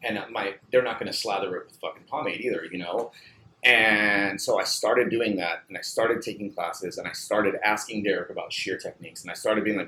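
A man's voice: lowish voice, fairly quick, bright, forceful tone, a little hiss or hum. A man who owns a barbershop and trains an apprentice, chatting casually in a loose, profane way with lots of filler. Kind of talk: casual chat. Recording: roomy recording with faint ambience.

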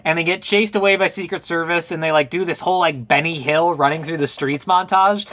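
A man's voice: a little high, brisk. A man co-hosting a podcast, sarcastically recapping a movie in casual chat and mimicking the characters. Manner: sarcastic, animated retelling with put-on quotes. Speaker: podcast co-host.

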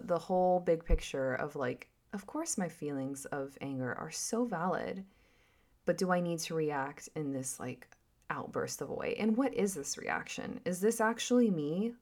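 A mom vlogger reflects casually at normal speed, her lowish voice carrying lively intonation. Her talk wanders, occasionally slipping into gentle whispers.

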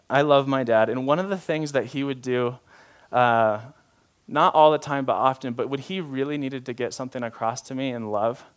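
A man preaching a sermon as pastor, talking in a relaxed, informal way and shifting between soft, slow passages and louder, emphatic ones. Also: mid-range voice. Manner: informal, often uses "like" and restarts.

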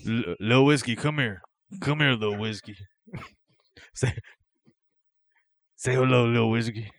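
A man's voice: mid-range voice, takes it slowly, dry recording, clean studio sound. A man voicing a swaggering male rapper with a pet cat, rambling boastfully and throwing in meows. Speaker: podcast co-host. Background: loud hip hop beat.

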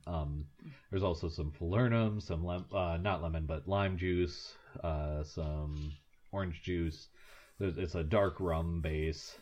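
A man's voice: sits low, slow, a little mellow. A man co-hosting a podcast in casual chat, rambling and wry, with many fillers. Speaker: podcast co-host.

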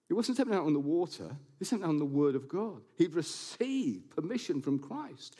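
A male pastor preaching to his church, his voice sitting a bit high and swinging widely in pitch. He stays animated throughout and breaks up the message with self-mocking jokes. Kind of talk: sermon. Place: church building, before a congregation.

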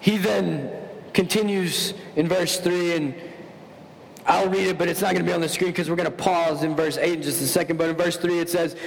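Animated pastor in a reverberant hall. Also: male voice, fairly quick, vocal fry. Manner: animated, self-mocking storytelling. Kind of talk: sermon. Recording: long hall reverb with faint rumble.

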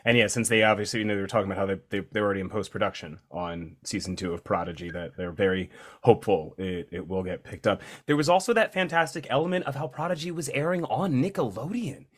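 A man co-hosts a casual podcast, speaking quickly and expressively in a fairly low voice. He chats enthusiastically, rambling and restarting his sentences.

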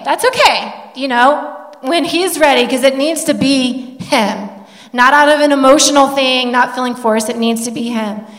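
A middle-aged woman sharing an emotional family testimony from the pulpit as part of a sermon, telling the story with feeling. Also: high-pitched. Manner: emotional storytelling, animated when quoting. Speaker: pastor's wife sharing a testimony. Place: church sanctuary. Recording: long hall reverb.

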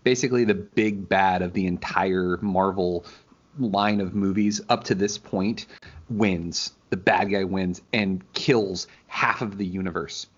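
A man co-hosting a casual chat, telling stories in an animated way, swearing freely and acting out quotes. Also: deep voice, unhurried, lo-fi sound. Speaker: podcast co-host.

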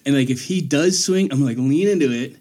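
A man's voice: mid-range voice, brisk. A young man in casual conversation, telling a story with lots of laughter and acted-out voices of other people. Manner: animated, laughing, acts out voices. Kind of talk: casual chat.

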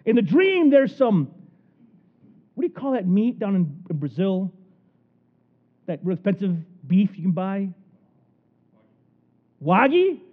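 Male pastor, lively sermon storyteller, high and swooping voice. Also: takes it slowly, long pauses. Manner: animated storytelling, acting out the characters. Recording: tinny phone-like recording.

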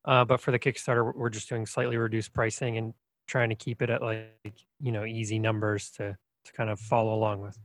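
A man's voice: lowish voice, flat delivery, a little fast. A man, a game designer guest, explaining his work in an agreeable, casual way. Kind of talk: casual interview chat.

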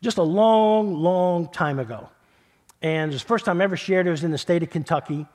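A middle-aged male pastor from New York telling a personal story in a sermon, talking conversationally, repeating words and sometimes dropping to a hushed voice. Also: high voice, a little fast. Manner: conversational, repeats words, builds then drops to a hush.

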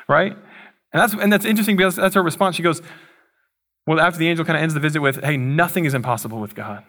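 A man's voice: on the high side, brisk, pauses often, fairly bright tone. A young man preaching a sermon in a casual, conversational way, with playful asides. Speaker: pastor.

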